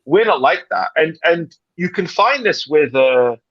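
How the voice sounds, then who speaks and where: Animated British man on a muffled stream. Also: a little high, unhurried, no room sound. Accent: British English. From Britain. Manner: animated, dramatic and rambling, with many restarts. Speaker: livestream panelist. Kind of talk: casual chat.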